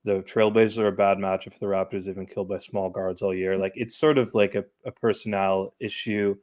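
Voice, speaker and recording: A man on a basketball panel, giving casual, matter-of-fact analysis in a measured way. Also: low-pitched, steady tone, darkish tone.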